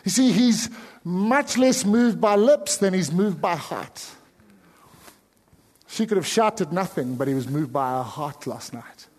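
A South African man preaching in a high, bright voice, his sermon moving between near-whispered pleading and loud outbursts. His words carry a long reverb, as if he stands in a large church hall. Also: lively intonation, a little slow. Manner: swings from hushed pleading to sudden loud cries. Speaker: pastor.

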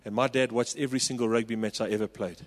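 A South African man in his forties preaching a sermon, telling a personal story with passion and rising to loud calls. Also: mid-range voice, fairly even intonation, fast talker, in a large hall. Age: 40s. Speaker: pastor.

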